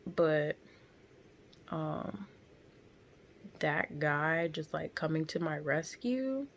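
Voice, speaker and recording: Gravelly young woman telling a story. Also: sits low, very slow, a little hiss or hum. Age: young adult. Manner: blunt, profane, animated. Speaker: vlogger. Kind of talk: casual storytelling. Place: in a car.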